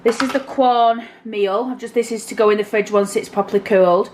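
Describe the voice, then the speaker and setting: A woman's voice: a little high, fairly even intonation, fairly quick, a little mellow, slight background noise, rough recording. A woman chatting to her viewers while she cooks in her home kitchen, casual and talkative. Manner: chatty, addresses viewers directly. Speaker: vlogger. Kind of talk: casual cooking vlog.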